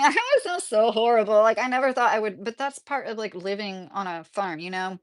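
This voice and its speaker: A woman's voice: medium pitch, expressive, a little fast, few pauses. A woman hosting a casual live stream from her rural home, rambling through stories with lots of fillers as she answers her chat. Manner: chatty, rambling, with frequent fillers.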